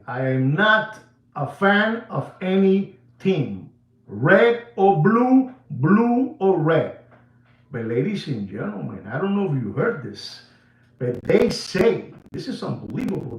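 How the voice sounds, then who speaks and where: Man, excitable, repetitive, mixes languages, fairly high voice, roomy echo. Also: recorded from a distance. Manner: excitable, switches between English and Spanish, repeats himself; drops to a low serious tone. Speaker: watch channel host. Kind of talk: animated casual monologue.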